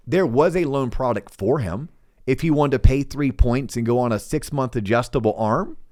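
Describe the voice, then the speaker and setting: A middle-aged man tells a story on his podcast in a relaxed chat, throwing himself into the quoted lines. His pitch sits in the middle range, and he often stumbles over the first words before the sentence finds its feet. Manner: animated, acts out quoted voices, stammering restarts. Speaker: podcast host and loan officer.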